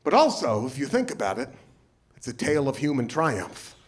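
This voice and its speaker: A man's voice: medium pitch, very animated, moderate pace, a little hiss or hum. A man in his forties from Portland, Oregon, performing a stand-up comedy set, telling stories with silly put-on voices. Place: comedy club stage. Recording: live show with crowd laughter. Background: audience laughing.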